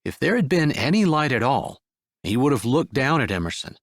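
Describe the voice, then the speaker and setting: Expressive male audiobook narrator. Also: medium pitch, moderate pace, dry recording, studio quality. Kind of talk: scripted narration.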